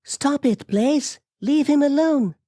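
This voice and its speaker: A distressed young wife pleads in a strained, very high voice, as a male narrator puts her on. Her words come slowly and carefully, and the sound is dry and close with no room around it. It plays like a storytelling podcast. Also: warm tone, no room sound. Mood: pleading.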